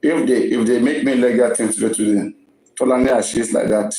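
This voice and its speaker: A man's voice: mid-range voice, fairly even intonation, a little fast, warm tone, echoey room, low-quality recording. A man with a Nigerian accent hosting a casual live-stream gossip talk, emphatic and often repeating his words.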